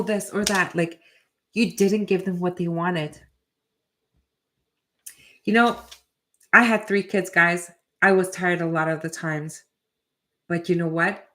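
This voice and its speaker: A woman's voice: mid-range voice, a bit bright. A middle-aged woman hosting a live reading, talking straight to her viewers in a direct, chatty way and often asking "right?". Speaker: tarot reader and channel host.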